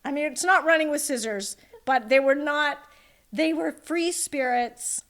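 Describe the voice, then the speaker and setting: A woman author being interviewed, telling childhood anecdotes in a lively, amused way. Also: high-pitched, a little slow. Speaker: author guest. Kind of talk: interview storytelling.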